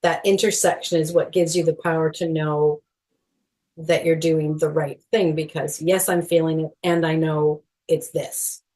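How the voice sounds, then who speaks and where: A middle-aged woman speaking as a guest in a podcast interview, earnest and animated, with frequent small laughs and fillers. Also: sits low, measured pace. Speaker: guest, movement educator.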